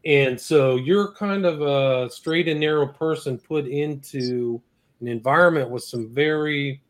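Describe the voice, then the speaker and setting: A man's voice: on the high side, measured pace. A man hosting a podcast interview, attentive and asking follow-up questions. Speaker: podcast host. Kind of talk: interview conversation.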